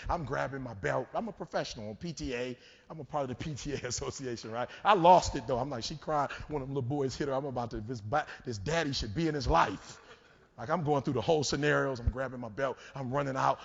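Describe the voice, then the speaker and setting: A man giving a motivational keynote, telling stories and building to shouts. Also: mid-range voice, fast talker. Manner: preachy, storytelling, rising to shouts. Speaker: keynote speaker. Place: large conference hall. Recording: dull hall recording with long reverb.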